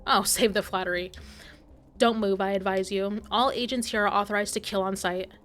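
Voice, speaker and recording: A woman's voice: mid-range voice, fairly even intonation, normal speed, fairly bright tone, faint music behind, natural voice. Woman reading as a cold, stern agency chief. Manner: cold, clipped, dismissive. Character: stern older woman heading a secret agency. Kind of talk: reading game dialogue aloud.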